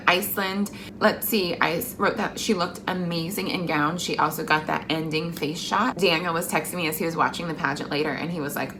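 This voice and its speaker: A woman's voice: on the low side, brisk, background noise. A young woman vlogging to camera in a chatty, effusive way, full of fillers. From Mexican heritage. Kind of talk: casual chat to camera.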